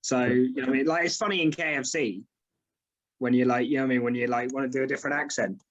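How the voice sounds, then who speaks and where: A man's voice: medium pitch, fairly even intonation, quick pace. A young man, a comedian guest, chatting in a rambling, self-deprecating way over a video call. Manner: rambling, self-deprecating, lots of "you know what I mean". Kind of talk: casual interview chat.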